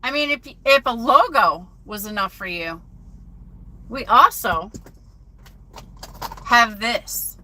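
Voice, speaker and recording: A woman's voice: a little high, lively intonation, takes it slowly, long pauses, bright, forceful tone. A woman truck driver chatting casually on a phone live stream from her cab at a truck stop, reading viewer comments aloud.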